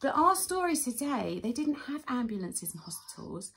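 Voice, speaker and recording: A woman in her thirties leads a children's worship session, telling a Bible story with animated gasps and acted-out voices. Her voice sits high and moves at normal speed.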